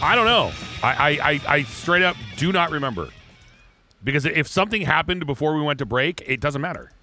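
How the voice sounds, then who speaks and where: A man's voice: on the high side, animated, brisk, bright, forceful tone, faint music behind. A man co-hosting a podcast, rambling through casual chat with crude jokes and constant restarts. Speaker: podcast co-host.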